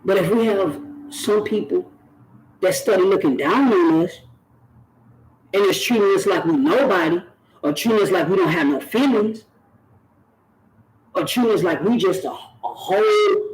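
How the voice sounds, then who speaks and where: A man's voice: high voice, unhurried, pauses often, a little hiss or hum, rough recording. A man speaks straight to his viewers. He talks earnestly and preaches a little, circling back to the same phrases to drive each point home. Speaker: YouTube channel host. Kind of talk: direct-to-camera talk.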